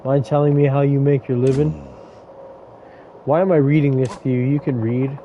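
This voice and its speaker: A man's voice: mid-range voice, fairly even intonation, normal speed, mellow, slight background noise, rough recording. A man casually commenting on a game he plays, rambling into crude, joking stories. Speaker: gaming streamer. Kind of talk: casual let's-play commentary.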